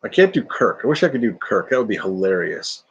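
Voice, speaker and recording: A man's voice: on the low side, very animated, a little fast, breathy edge, lo-fi sound. An older man hosting a live stream, chatting casually in a jokey, rambling, self-deprecating way.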